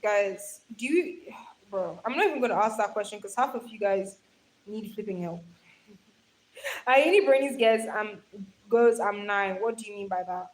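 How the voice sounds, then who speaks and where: A woman's voice: mid-range voice, animated, a little slow, low-quality recording. A young woman hosting a livestream, chatting affectionately with viewers, calling them darling and laughing often, speaking into a phone held in her hand. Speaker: livestream host. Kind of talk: casual livestream chat reading comments.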